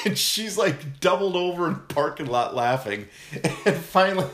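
In an echoey room, a man with a voice on the high side tells a funny story on a podcast at a moderate pace. His delivery is casual and animated, broken up by frequent laughter and acted-out quotes.

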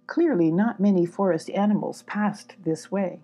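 Woman reading a kids story, soft and even, mellow husky voice. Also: mid-range voice, normal speed. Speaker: storybook reader. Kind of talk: children's storybook narration.

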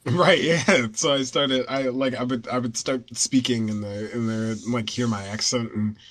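Man, young, neutral Northeastern American accent, podcast host, halting casual storytelling, laughs often. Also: medium pitch, steady tone, a bit bright. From United States. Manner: halting, many restarts and fillers, laughs often. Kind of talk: casual chat.

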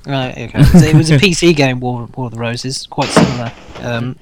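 A man's voice: mid-range voice, fairly quick, noisy background. A man as a podcast guest in casual chat, hesitant and searching for words.

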